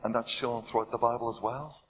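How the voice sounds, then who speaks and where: A man preaching a sermon. He retells stories with rising drama, asks the listeners rhetorical questions and drops to a hush on heavy points. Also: mid-range voice, steady tone, a little fast, breathy edge, low-quality recording.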